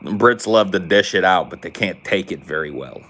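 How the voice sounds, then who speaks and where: A man's voice: low-pitched, animated, normal speed, fairly bright tone. An American man hosting a podcast, ranting comedically in a sarcastic, profane way. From United States. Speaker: podcast host. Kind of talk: comedic rant.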